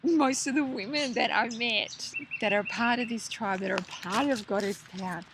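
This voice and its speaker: A woman talking casually and warmly to camera, gushing and excitable, jumping from hushed whispers to high squeals. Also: moderate pace, noisy background. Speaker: spiritual vlogger. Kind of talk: casual heartfelt monologue to camera.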